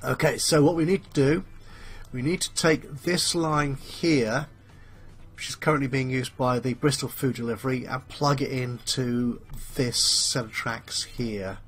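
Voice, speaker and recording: A man's voice: mid-range voice, fairly even intonation, measured pace, a bit bright, breathy edge, soft background music. A man hosting a let's play, thinking aloud with plenty of fillers in a chatty, self-mocking way. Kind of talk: casual game commentary. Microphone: headphones with a desk mic.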